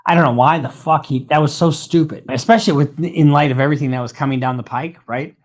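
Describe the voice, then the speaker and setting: A man, a lawyer guest, talking things through in a measured, mildly exasperated way. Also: a little high. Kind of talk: casual podcast chat.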